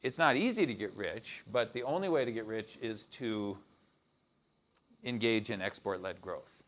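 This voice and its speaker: A man's voice: fairly low pitch, expressive, moderate pace, a bit bright. A man giving an informal university lecture as a guest lecturer, talking loosely with frequent asides and restarts. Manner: conversational, loose, with frequent "you know" and restarts.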